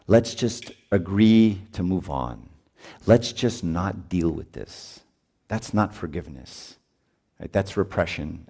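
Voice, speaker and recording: A man's voice: sits low, dark tone. A man, a priest, giving a conversational talk at a marriage retreat, often adding "right?" and laughing as he speaks. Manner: chatty, often adds "right?", laughs while talking.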